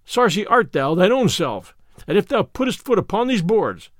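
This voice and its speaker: A man voicing a boastful, brawny male champion fighter who bellows loud, swaggering taunts, recorded dry. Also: sits high, big pitch swings, normal speed, dry recording, full character voice. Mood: taunting.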